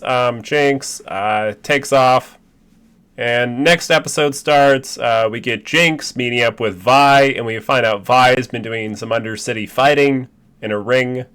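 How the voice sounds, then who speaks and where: Man, easygoing, agreeable, smooth clear voice, casual podcast recap. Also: medium pitch, steady tone, takes it slowly, fairly bright tone. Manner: easygoing, agreeable, lots of fillers. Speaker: podcast co-host. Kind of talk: casual chat.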